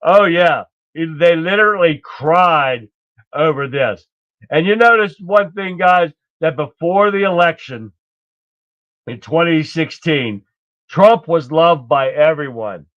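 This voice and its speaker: Casual male streamer, high-ish voice, blunt and indignant, rambles and swears, muffled audio. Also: takes it slowly, a bit bright, dry recording. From United States. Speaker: political livestream host. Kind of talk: casual political commentary.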